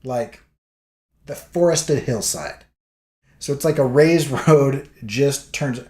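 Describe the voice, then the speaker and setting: A man in a casual vlog, telling a story with lots of energy and breaking into little performances of what everyone said. His voice sits at an ordinary pitch. The room around him rings with echo. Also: takes it slowly. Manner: animated storyteller acting out quotes. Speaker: vlogger.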